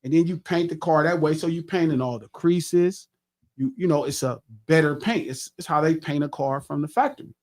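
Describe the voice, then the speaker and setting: A middle-aged man with a fairly high voice tells a story on a podcast. He talks in a relaxed, profane way and acts out his own lines with energy. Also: a little fast. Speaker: podcast host. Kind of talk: casual storytelling chat.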